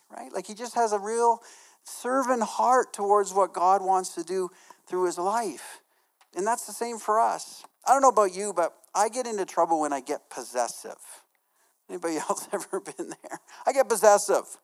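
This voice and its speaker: A man's voice: high voice, moderate pace. A male pastor preaching in a casual, conversational way, full of fillers and repeated words, often putting questions to his congregation. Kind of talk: conversational sermon.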